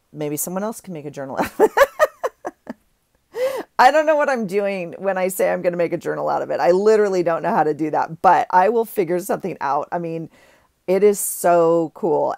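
A middle-aged woman gushes over her craft finds in a rambling, casual haul chat, often breaking off mid-sentence. Her voice is lowish, a little mellow, with vocal fry, recorded in studio quality with no room sound.

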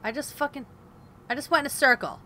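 Young woman, high bright voice, cursing gameplay commentary, faint hiss behind. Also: fast. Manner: frustrated, swearing, talking to herself and viewers. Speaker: gaming video host.

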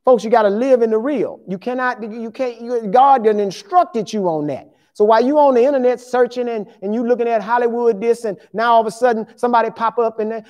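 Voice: mid-range voice, a little fast, hardly any pauses, a little mellow, lo-fi sound. Pastor, 50s, conversational and emphatic sermon delivery, mid-range voice. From Louisiana, USA. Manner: emphatic, conversational preaching with dialogue asides.

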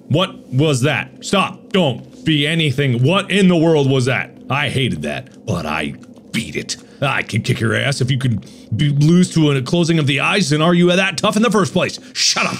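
A man in his thirties playing a horror game on video, swinging between panicked yelling and dry jokey asides. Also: fairly high pitch, expressive, normal speed, faint music behind. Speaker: gaming video host.

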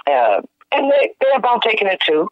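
Guest musician, male, high voice, animated storyteller, tinny phone-like sound. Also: normal speed, dry recording. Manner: animated, laughing, slangy and profane. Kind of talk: casual storytelling chat.

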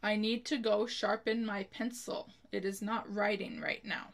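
A woman at medium pitch and a level tone teaches children spelling slowly. Each word gets spelled carefully, letter by letter, followed by an example sentence.

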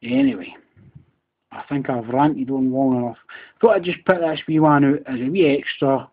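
A husky-voiced Scottish man with a broad Glasgow accent rants on his own podcast, sweary and repetitive after a few beers. His heated delivery comes through a tinny, phone-like recording. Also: medium pitch, expressive, moderate pace. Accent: Scottish, Glaswegian. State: a bit drunk. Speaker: podcast host. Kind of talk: angry solo rant.

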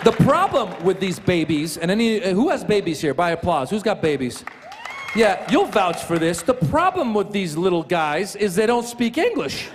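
A man doing a stand-up comedy set at a live show, talking in an animated way and jumping into shouted voices. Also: high-pitched, normal speed. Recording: live hall with crowd and noise.

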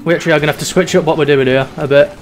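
Talking very fast in a steady, slightly high voice, a young YouTuber narrates his video game play with chatty, sweary commentary. His mood drifts between mock despair and giggles.

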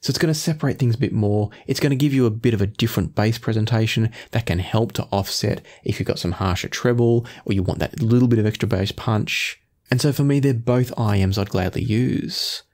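A man reviewing earphones in measured talk, often qualifying his claims. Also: lowish voice, darkish tone. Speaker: audio gear reviewer.

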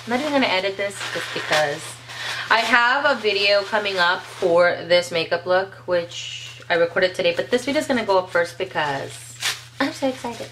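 A woman's voice: mid-range voice, normal speed, noisy background. Gushing woman unboxing nail polish. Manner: gushing, excitable, talks to viewers. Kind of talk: casual unboxing chat.

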